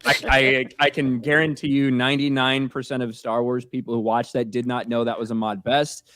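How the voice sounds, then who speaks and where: A man's voice: mid-range voice, level tone, fairly quick, fairly bright tone, smooth, no room sound. Rambling male podcast guest, dry close sound. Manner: rambling, hesitant restarts, emphatic. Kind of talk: casual chat.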